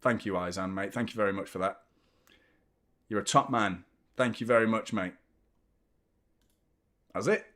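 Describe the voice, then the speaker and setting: A man's voice: on the low side, moderate pace, long pauses, fairly bright tone. A young adult man, hosting a live football watchalong, chatting casually, reacting to play and thanking viewers by name. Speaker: fan channel host.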